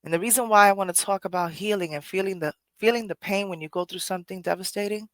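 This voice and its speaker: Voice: mid-range voice, fast, a bit bright, no echo. A podcast host from Rico, speaking in an earnest, conversational personal monologue that often circles back and restarts phrases. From Puerto Rico.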